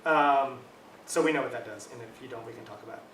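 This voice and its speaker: A man's voice: mid-range voice, quick pace, fairly bright tone, a little hiss or hum. A middle-aged man giving a university linguistics talk, explaining in a casual, conversational way with frequent fillers and check-ins like "right?". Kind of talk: academic talk. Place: lecture room. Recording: echoey room, mic at a distance.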